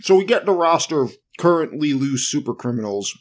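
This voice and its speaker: A man's voice: fairly high pitch, expressive, a little fast. A man co-hosting a podcast, recapping a movie plot in casual chat with sarcastic asides. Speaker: podcast co-host.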